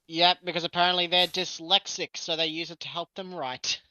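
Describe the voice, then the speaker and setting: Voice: medium pitch, fairly even intonation, moderate pace, sharp tone, no echo. A co-host chiming in with dry remarks and laughter in casual stream banter. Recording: dull lo-fi mic.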